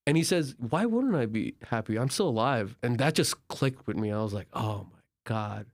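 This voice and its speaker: Here a young Turkish man with a mid-range voice speaks at a moderate pace as a podcast guest. He tells his travel stories in a relaxed, animated manner, performing the conversations and using many fillers.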